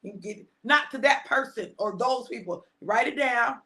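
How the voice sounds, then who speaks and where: Gravelly-voiced woman preaching conversationally. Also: fairly high pitch, normal speed. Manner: conversational, drops to hushed tones, repeats phrases for emphasis. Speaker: pastor. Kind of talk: livestream preaching.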